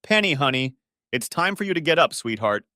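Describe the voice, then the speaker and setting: A man's voice: a little high, very animated, a little fast, bright, forceful tone, no echo, clean studio sound, pitched above the performer's own voice. A man voicing a doting middle-aged mother who talks sweetly and coaxingly in a raised voice.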